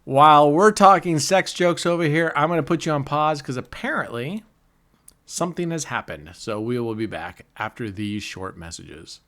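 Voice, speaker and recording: A middle-aged casino vlogger jokes casually through live commentary on his gambling session, laughing a lot and cheering or groaning with every spin. His voice is a little high, lively and slightly bright, at a normal pace.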